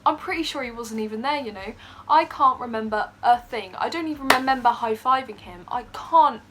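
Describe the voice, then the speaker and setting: A young woman telling a story in a casual vlog, excitable and gushing, laughing often. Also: fairly high pitch, brisk, slight background noise. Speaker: vlogger.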